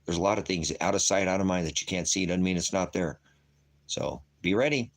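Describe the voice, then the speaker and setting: A man's voice: deep voice, fairly quick. A man streaming a rambling, profane rant to viewers as a preacher. He keeps calling them brothers and sisters, jumps between topics and restarts his sentences.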